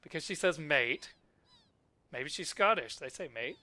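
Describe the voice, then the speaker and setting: Bright-voiced man commenting on gameplay. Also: a little high, animated, measured pace. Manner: thinking aloud, easily delighted. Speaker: let's play host.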